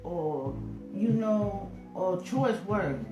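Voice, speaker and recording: A woman co-hosting a live relationship talk stream, animated and acting out what people say. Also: medium pitch, drawn-out words. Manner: animated, acts out quoted lines. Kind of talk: casual live-stream chat. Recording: roomy sound with guitar music behind.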